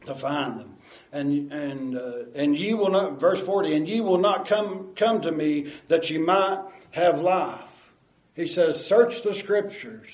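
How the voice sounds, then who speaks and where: A man preaching a sermon, earnest and repeating his words, reading scripture aloud slowly. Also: on the high side, darkish tone, echoey room, rough recording. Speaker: pastor.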